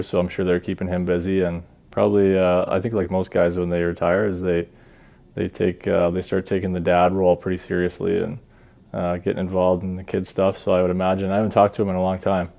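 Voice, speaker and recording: A deep-voiced Canadian man in his thirties, a hockey goalie, chats as a guest on a podcast. The interview is relaxed, and he pokes fun at himself, his speech full of ums and uhs.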